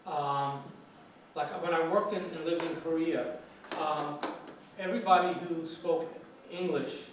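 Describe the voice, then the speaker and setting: A man's voice: fairly high pitch, measured pace. Chatty lecturer man, echoey distant room. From New York City. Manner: relaxed, chatty, many fillers and restarts. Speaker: guest lecturer on English. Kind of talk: informal classroom talk. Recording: echoey room, from afar, faint hiss.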